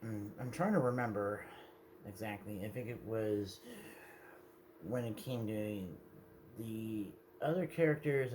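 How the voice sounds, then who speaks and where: A man's voice: lowish voice, a little hiss or hum. A man talking to his viewers in a meandering, hesitant way, often correcting himself mid-sentence. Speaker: video creator. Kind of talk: casual rambling monologue.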